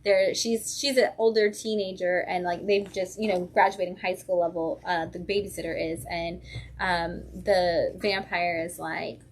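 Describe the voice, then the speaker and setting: A woman's voice: on the low side, fairly even intonation, moderate pace, a little hiss or hum. A woman co-hosting a comic shop livestream, chatting and reviewing comics, enthusiastic and laughing often. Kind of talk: casual chat, comic reviews.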